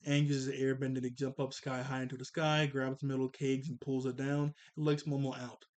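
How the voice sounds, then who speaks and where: A man's voice: mid-range voice, level tone, brisk, darkish tone. A man hosting a casual cartoon episode review, rambling along with chuckles and self-corrections.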